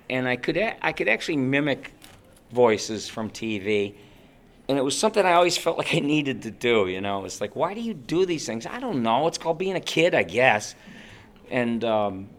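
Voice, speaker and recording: Casting: lively male voice actor, bright and forward, tells stories with voices. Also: mid-range voice. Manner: animated, acts out voices and screams. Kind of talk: interview storytelling.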